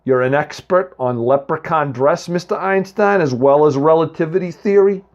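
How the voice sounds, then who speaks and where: A man's voice: fairly high pitch, moderate pace, natural voice. A man voicing a tiny, surly male leprechaun with a mob-boss swagger and a tinny small voice, snapping sarcastic put-downs.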